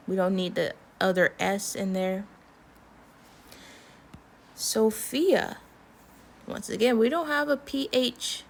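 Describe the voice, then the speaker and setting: Slow, patient American woman teaching. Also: medium pitch, lively intonation. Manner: slow, patient explaining with repeated example words. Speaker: Korean language teacher. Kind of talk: online language lesson.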